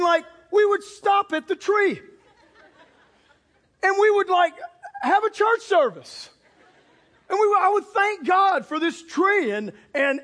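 Man, unusually high pitched voice, pastor, animated storytelling sermon, bursts into shouts. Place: church or auditorium with a live congregation.

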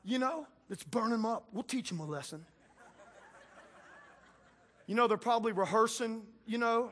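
A man preaching a sermon in a conversational way, acting out Bible figures in casual voices and building from quiet passages to loud ones. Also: very high voice. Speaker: pastor.

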